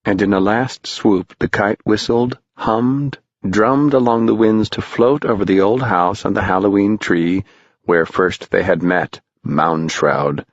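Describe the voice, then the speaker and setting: Deep, slow male storybook narrator. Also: no room sound. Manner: measured, rhythmic reading. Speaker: audiobook narrator. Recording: dull lo-fi dry recording.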